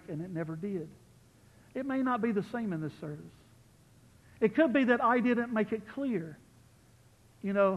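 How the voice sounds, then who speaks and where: A man preaching as pastor, building to loud peaks on key lines and dropping to soft, quiet asides. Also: high voice, big-room sound, dull audio. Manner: impassioned, rises loud on key phrases, drops to soft asides. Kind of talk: sermon. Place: church sanctuary.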